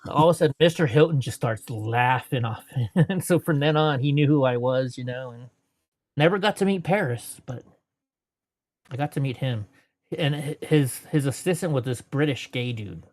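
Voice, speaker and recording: A man's voice: mid-range voice, normal speed, darkish tone, no room sound. Guy in his 40s telling long rambly stories on an interview, keeps restarting sentences, dry close mic. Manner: rambling, self-correcting, laughs between anecdotes; puts on voices when quoting people. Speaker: interview guest. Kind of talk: storytelling in casual interview.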